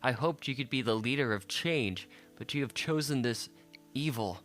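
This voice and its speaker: A man's voice: medium pitch, normal speed, fairly bright tone, soft background music, pitched above the performer's own voice, close to an everyday voice. A man voicing a stern, commanding female sorceress in an audiobook, speaking in a raised, reproachful tone.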